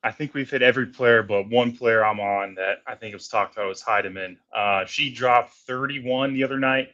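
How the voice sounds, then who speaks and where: A man's voice: medium pitch, normal speed, bright, forceful tone, dull audio. A man on a betting panel, confident, with fillers, talking lines and odds. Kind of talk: casual betting show chat.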